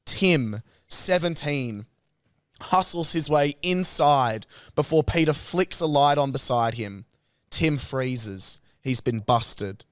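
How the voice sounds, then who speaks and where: A man co-hosting a comedy podcast, briskly organizing a bit and reading stage directions aloud in a deadpan manner. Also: a little high, clean tone, no echo, studio quality.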